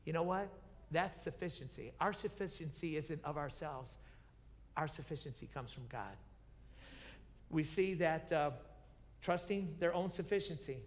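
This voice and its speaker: Pastor in the pulpit, a man with a high voice, retelling Bible stories with gusto, repeating his points, in a reverberant sanctuary. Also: a little slow, long pauses. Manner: animated storytelling, acting out biblical characters' lines; repeats key phrases, asks the congregation questions. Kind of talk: sermon. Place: church sanctuary. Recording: reverberant church sanctuary broadcast.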